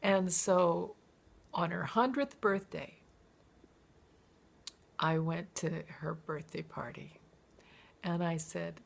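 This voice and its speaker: This woman's voice is fairly low, slow and full of vocal fry, with long pauses and a little hiss or hum behind it. She's reading her own memoir aloud as a lively story, performing the quoted characters and occasionally singing.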